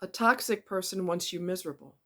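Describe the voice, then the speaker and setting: A woman giving a casual monologue about relationships, emphatic and animated, repeating words for effect. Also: fairly low pitch, a little fast. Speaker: relationship commentator.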